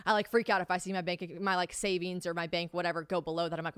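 A young adult woman hosting her own podcast, chatting casually, swearing freely and acting out quoted conversations with big jumps in pitch. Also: quick pace, clean tone, no room sound, clean studio sound. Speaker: podcast host. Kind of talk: casual solo podcast chat.

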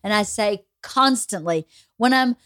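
A woman's voice: mid-range voice, expressive, unhurried, a bit bright, no room sound, clean studio sound. A woman hosting a podcast, chatting casually and telling stories with lots of laughter. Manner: chatty, storytelling, laughs often. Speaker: podcast host. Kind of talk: casual chat.

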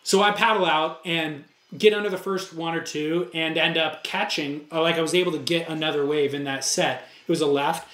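High-pitched socal dude telling a surf story, acts out the lines, echoey room. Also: male voice, moderate pace, hardly any pauses. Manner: animated storyteller, acts out dialogue. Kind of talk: casual podcast chat. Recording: roomy echo.

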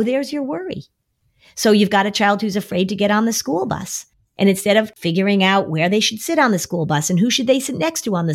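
On a conversational advice podcast, a middle-aged woman therapist explains to parents how to respond to a child's worry, warm and coaching in tone. Now and then she mimics a whiny child, acting out kids' voices in a high whine.

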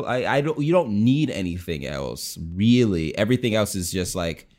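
Lower-voiced American man, animated podcast banter. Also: normal speed, hardly any pauses. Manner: animated, jokey, mock-exasperated. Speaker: podcast co-host. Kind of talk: casual chat.

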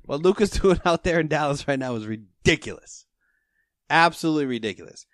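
A man's voice: a little high, fairly quick, dry recording, clean studio sound. A man from the South Shore, co-hosting a sports podcast with joking, profane banter. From South Shore of Massachusetts. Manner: swearing, joking, lively banter. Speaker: podcast co-host. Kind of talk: casual sports chat.

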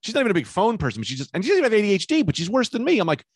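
A man chatting on a podcast, a loud, animated storyteller who swears freely. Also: high-pitched, racing, breathy edge, dry recording. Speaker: podcast guest, comedian. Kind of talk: casual chat.

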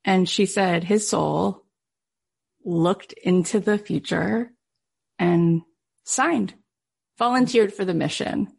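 A woman's voice: mid-range voice, slow, creaky, long pauses, husky. A woman podcast host telling a heartfelt personal story, emotional and acting out what others said. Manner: emotional, quotes others in lively voices.

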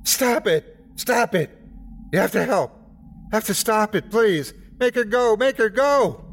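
A man's voice: sits high, lively intonation, measured pace, slight background noise, voice pushed up. A man voicing a raving drunk man in terror. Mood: frantic, screaming. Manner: frantic, screaming pleas.

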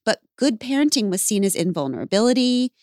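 A woman's voice: medium pitch, very animated, fairly quick, darkish tone, no echo, studio quality. Candid, casual woman podcast host. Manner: candid, casual, swears lightly, laughs easily. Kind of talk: podcast conversation.

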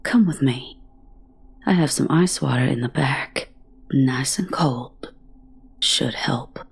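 A woman's voice: low-pitched, sing-song, slow, a little mellow, slightly rough, heavily acted. A woman voicing an eager, coaxing male candy shopkeeper in a storybook reading. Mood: menacing. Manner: coaxing, wheedling.

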